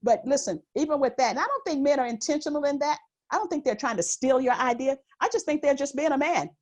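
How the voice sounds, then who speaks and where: High-voiced woman, animated and emphatic. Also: fast. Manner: animated, laughing, acts out quoted remarks; projects voice with authority. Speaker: guest author. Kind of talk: interview conversation.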